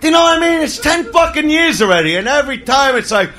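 A man doing crude stand-up, swinging from low mutters to shouts. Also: big pitch swings, fast, hardly any pauses. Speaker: stand-up comedian. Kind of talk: stand-up comedy.

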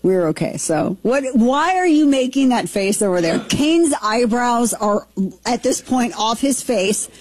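A woman in her forties from Southern Missouri, co-hosting a chat show and telling family stories in a lively, laughing way. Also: a little high, a little slow, hardly any pauses, slight background noise. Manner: animated storyteller, laughs easily. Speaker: talk show co-host. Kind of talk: casual chat, storytelling.

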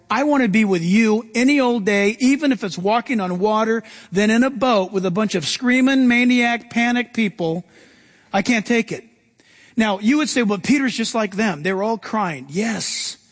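A man preaching a sermon, reading scripture and acting out the people in it with lively swings of voice. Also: long reverb tail. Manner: animated preacher, acts out Bible voices with big pitch jumps. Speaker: pastor.

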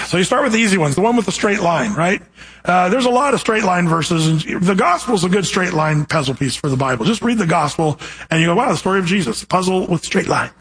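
Pastor, male, husky higher voice, earnest verse-by-verse preacher who quizzes the pews. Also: expressive, a little fast, fairly bright tone, rough recording. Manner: earnest, asks the congregation direct questions. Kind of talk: verse-by-verse sermon.

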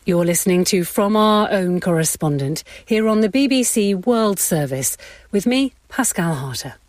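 A woman presenter introducing reports on a radio programme, with clear announcing. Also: medium pitch, lively intonation, moderate pace, darkish tone, no room sound. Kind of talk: scripted programme links.

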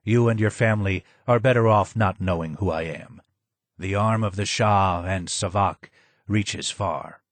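Hoarse, low old man, read by a male narrator; slow, grave, wry; audiobook part. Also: no echo. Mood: bitter. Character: broken, disfigured older man, hidden former royal advisor.

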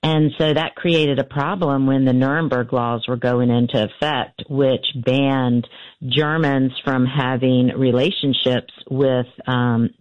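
Interview guest, woman, halting storyteller; dry, slightly muffled lo-fi recording. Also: very deep voice, steady tone, no room sound. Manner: halting, many fillers and restarts. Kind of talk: storytelling in conversation.

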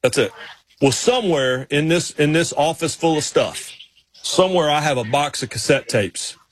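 A man's voice: a little high, animated, normal speed. A man with a Southern American accent from North Carolina, co-hosting a sports radio show in casual, repetitive banter. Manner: chatty, repeats himself, laughs easily.

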